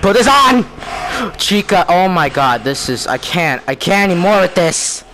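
A young man talking through a horror game in panic, repeating himself and swinging between yelps and low mutters. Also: expressive, moderate pace, background noise. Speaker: gamer playing a horror game. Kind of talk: scared gameplay commentary. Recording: game music playing behind.

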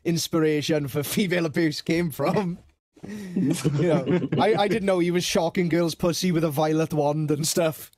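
A man's voice: on the high side, normal speed, a little mellow, dry recording, clean studio sound. A man, telling crude school stories in a casual podcast chat, laughing and swearing as he goes. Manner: swearing, laughing, self-mocking anecdotes. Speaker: podcast co-host.

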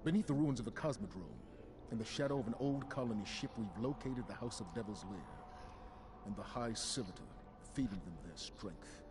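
A man's voice: medium pitch, fairly quick, noisy background, natural voice. An actor playing a grave male commander giving a solemn, stirring mission briefing in a video game.

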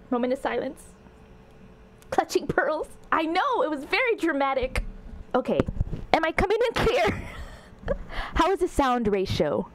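A woman's voice: sits high, very animated, takes it slowly, long pauses, a little hiss or hum, rough recording. A woman streaming a video game, commenting sarcastically and laughing as she talks back to the characters. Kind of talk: live gameplay commentary.

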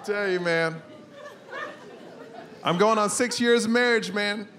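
A middle-aged man doing a stand-up comedy set, animated, acting out family scenes and breaking into shouts. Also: sits high, slow pace, some chatter behind. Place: comedy club stage with live audience. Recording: live room with steady ambience noise.

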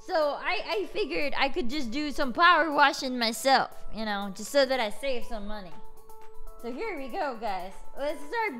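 A woman's voice: sits high, expressive, moderate pace, sharp tone, faint music behind. A woman streamer voicing a laid-back, boastful bearded guy who rambles, swears casually and laughs at himself while gaming. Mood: goofy. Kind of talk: live game stream in character.

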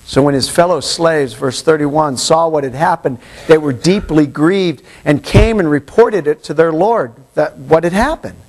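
A man's voice: on the high side, low-quality recording. A man preaching a sermon as a pastor, retelling a parable and acting out its characters' voices. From Hawaii. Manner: animated, acts out the parable's voices. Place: church.

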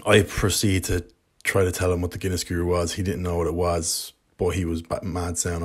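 A man's voice: low-pitched, steady tone, normal speed, husky. A young Irish man chatting casually to camera in a pub, rambling, joking and swearing. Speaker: pub-reviewing vlogger. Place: indoor pub. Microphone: camera mic.

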